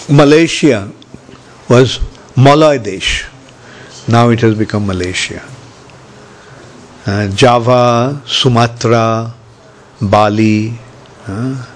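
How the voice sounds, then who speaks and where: An older man giving a scripture lecture, measured and pausing often with fillers. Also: medium pitch. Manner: slow, measured, many pauses and fillers. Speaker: spiritual teacher. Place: Ujjain, India.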